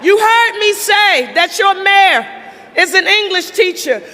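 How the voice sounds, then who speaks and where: A middle-aged woman, a city mayor, giving a shouted rally speech full of call-and-response to a crowd. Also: extremely high pitch, expressive. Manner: shouting, drawn-out emphatic delivery. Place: political rally before a cheering crowd. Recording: noisy rally with loud crowd.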